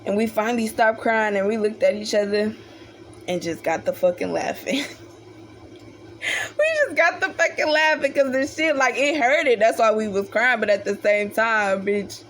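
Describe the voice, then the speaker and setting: A young woman talks straight to her camera in a loose storytime monologue, cursing freely and acting out family members' lines. Her voice sits a little high, and a faint hiss runs under it. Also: moderate pace. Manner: animated, profane, acts out the voices of family members. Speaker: vlogger telling a childhood story.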